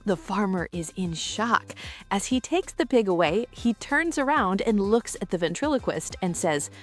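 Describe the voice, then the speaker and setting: A woman narrating clean jokes in an even, scripted storytelling way. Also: mid-range voice, normal speed, faint music behind. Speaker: joke narrator.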